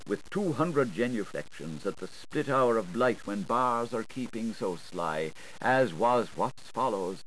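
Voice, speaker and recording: A man's voice: mid-range voice, a little hiss or hum, rough recording. A man giving a dramatic reading of dense literary prose, switching between voices and registers as he goes. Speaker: reader.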